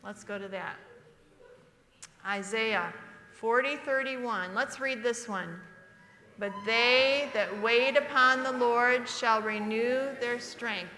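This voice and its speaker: Brief: woman in her 60s, a preacher giving a sermon, bright forceful voice, long church reverb on the livestream. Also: fairly high pitch, takes it slowly, slight background noise. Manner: emphatic, asks the congregation questions. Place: church sanctuary.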